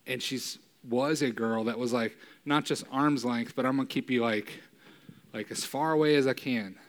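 A man with a mid-range voice preaches a sermon at a moderate pace, keeping it casual and conversational. He frequently asks "right?" and builds up to loud, emphatic peaks.

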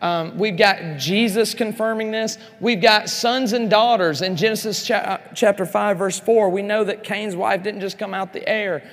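A man with a high voice delivers an animated Bible teaching to a conference crowd. He addresses the room directly and drops in joking asides as he goes. His words ring out with a long reverb from the large hall. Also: normal speed, hardly any pauses. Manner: animated, speaks straight to the audience with joking asides. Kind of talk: lively teaching sermon.

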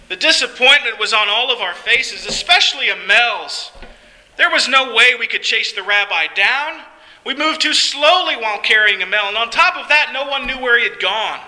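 A man's voice: high voice, sharp tone, poor audio. A man narrating a first-person story in an earnest, heartfelt way.

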